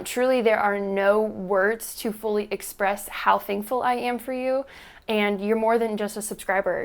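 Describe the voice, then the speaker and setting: An earnest young woman speaks straight to her viewers in a vlog. She rambles and restarts, sounding moved and close to tears, in a voice of ordinary middle pitch. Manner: earnest, emotional, on the verge of tears. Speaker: YouTube creator. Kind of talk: heartfelt vlog thank-you speech.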